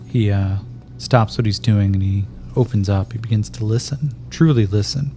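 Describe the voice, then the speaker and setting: Gravelly game master calling dice rolls. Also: male voice, lowish voice, warm tone, a little hiss or hum. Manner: measured, calls out dice rolls. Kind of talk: narrating a solo tabletop game.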